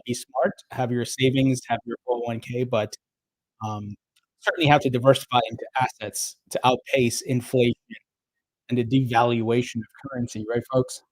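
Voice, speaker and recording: A middle-aged man with a New Jersey accent talks in a relaxed, upbeat livestream manner, greeting viewers and chatting with plenty of ums. His pitch sits in a typical male middle range. The sound is dry and close, with no room echo. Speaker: crypto livestream host. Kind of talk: casual livestream chat reading viewer comments.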